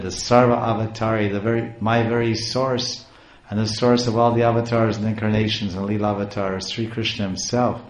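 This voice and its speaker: A man's voice: on the low side, a little mellow, lo-fi sound, close to an everyday voice. Man doing a commanding, reassuring heavenly voice; emphatic, roomy echo.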